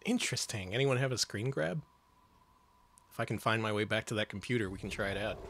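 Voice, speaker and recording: A man's voice: on the low side, animated, brisk, fairly bright tone, a little hiss or hum. A man co-hosting a casual gameplay chat, joking, laughing often and swearing freely. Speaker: co-host playing a game.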